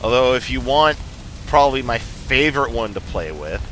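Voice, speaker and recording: A man's voice: mid-range voice, expressive, normal speed, a bit bright, slight background noise. A man streaming a game and chatting casually with his viewers, laughing often and restarting his sentences. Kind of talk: casual livestream chat.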